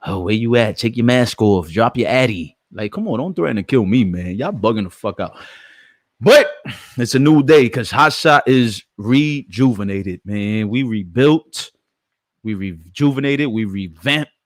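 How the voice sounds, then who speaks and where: A man's voice: mid-range voice, lively intonation, measured pace, no echo, clean studio sound. Brash, profane man hosting a live stream. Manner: brash, profane, joking, talks to chat. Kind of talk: casual live stream chat.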